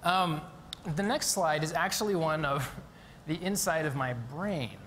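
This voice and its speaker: A man's voice: fairly high pitch, a little slow, noisy background. A man giving a live conference talk, explaining a demonstration eagerly with frequent ums and restarts, in a university lecture hall. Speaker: conference speaker.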